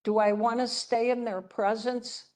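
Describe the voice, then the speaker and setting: An older woman, a religious sister, teaching a class through stories in a gentle, chatty way, often checking in with her listeners. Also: a little high, fairly even intonation, unhurried. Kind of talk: storytelling lecture to a class.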